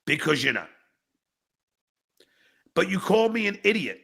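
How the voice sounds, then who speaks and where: A man hosting a livestreamed podcast who rants angrily at chat commenters, swearing and breaking into shouts, then reads viewer messages aloud and mocks them. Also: high-pitched, very animated, measured pace, creaky, slightly rough. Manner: angry, profane, bursts into shouting; reads viewer chats aloud with mocking replies. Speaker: podcast host.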